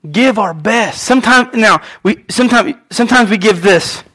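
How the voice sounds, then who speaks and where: A man's voice: high-pitched, normal speed, bright, forceful tone. A male pastor preaching a sermon in an earnest way, repeating his phrases and voicing prayers aloud.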